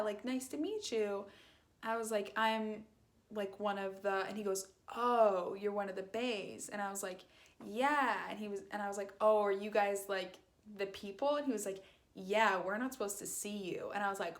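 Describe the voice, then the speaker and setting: Young woman, casual storytime, rambling, filler-heavy, lively quoted bits. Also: mid-range voice, fairly quick. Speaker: vlogger.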